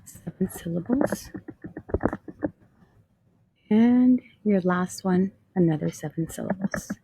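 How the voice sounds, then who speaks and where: A woman teacher talks students through a lesson on screen, patient and methodical. Her voice has a gravelly texture. The sound is close and dry. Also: lowish voice, slow pace, mellow, no echo. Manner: patient, explains step by step, asks questions to students. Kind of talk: screen-share lesson walkthrough.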